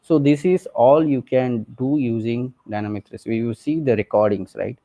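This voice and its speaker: A man's voice: mid-range voice, normal speed, mellow. Chatty man walking through a tech demo. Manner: conversational, many fillers and tag questions like "right?" and "okay". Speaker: presenter. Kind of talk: technical walkthrough of a screen demo.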